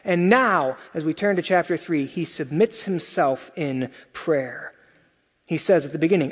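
A male pastor preaching a sermon in a conversational, animated way, with casual asides. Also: a little high, measured pace, husky, in a large hall.

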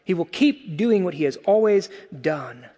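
A male pastor preaching a sermon in a conversational, animated way, with casual asides. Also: sits high, measured pace, in a large hall.

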